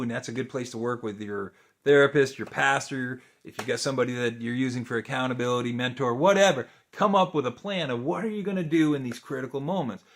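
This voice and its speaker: A middle-aged man, a therapist, teaching in a relaxed, conversational way with many fillers and restarts and frequent rhetorical questions. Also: medium pitch. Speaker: therapist teaching a video course. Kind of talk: unscripted teaching talk to camera.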